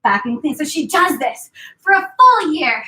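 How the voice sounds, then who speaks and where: A woman's voice: sits high, very animated, moderate pace, bright, forceful tone, distant mic. A woman fitness instructor leading a class, telling a playful story and mixing it with exercise cues. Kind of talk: story-based workout class cueing. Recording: echoey room, voice from afar.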